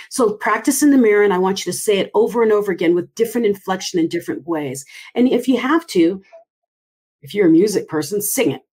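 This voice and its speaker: An animated woman coach talks through how to sound friendlier, with a lively, expressive delivery. She speaks over a video call from a home computer mic, in an easy conversational tone. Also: mid-range voice, a little fast. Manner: animated, expressive, by her own account. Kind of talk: casual advice chat over a video call.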